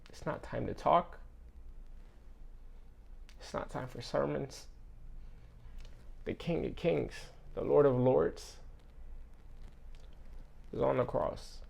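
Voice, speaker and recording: A man giving a casual devotional sermon in an earnest, conversational way, often leaning on fillers. His voice has a gravelly fry at the ends of phrases. At times he drops to a hushed, quiet delivery. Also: medium pitch, animated, slow, pauses often. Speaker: preacher.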